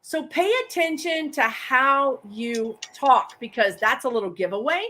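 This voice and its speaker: A woman appears as a guest psychic medium in a casual live chat, speaking in a high-sitting, unhurried voice. She explains things with everyday examples and lively quoted phrases.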